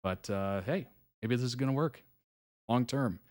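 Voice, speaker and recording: A man's voice: medium pitch, normal speed. A man hosting a live reaction stream, chatting casually and laughing often between remarks. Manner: relaxed, chatty, reads viewer comments aloud; frequent soft laughs and fillers.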